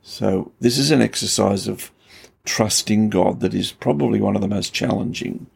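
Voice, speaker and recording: A man with a low voice full of gravel and a husky, rough edge speaks as a pastor. He teaches scripture in relaxed conversation and builds emphatic intensity as he tells the story. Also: normal speed.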